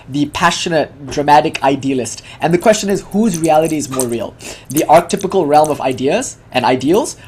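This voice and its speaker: A man giving a casual, animated talk, full of asides, fillers and restarts. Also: fairly high pitch. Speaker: speaker giving a devotional talk. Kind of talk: casual lecture.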